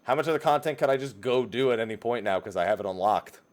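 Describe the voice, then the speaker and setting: A man's voice: medium pitch, lively intonation, fast. Man hosting a game podcast. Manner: laughing, teasing banter. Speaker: podcast host. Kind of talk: casual podcast chat.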